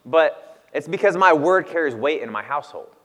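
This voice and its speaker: A man's voice: on the high side, animated, moderate pace, a bit bright. A man in his thirties preaching a sermon in a casual, conversational way with frequent laughs. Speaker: pastor. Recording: long reverb of a hall.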